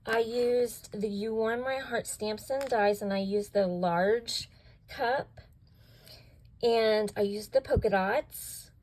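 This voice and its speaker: A woman's voice: a little high, slow, darkish tone, rough recording. A woman hosting a craft video, walking through her projects step by step and gushing over how cute each one turned out. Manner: gushing, keeps asking if it's cute. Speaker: craft channel host. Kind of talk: craft project show-and-tell.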